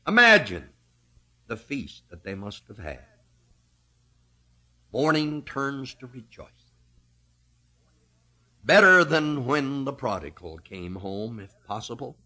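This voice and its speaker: Slow, animated male preacher. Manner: slow, emphatic preaching with wide swings in pitch and loudness. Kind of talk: sermon.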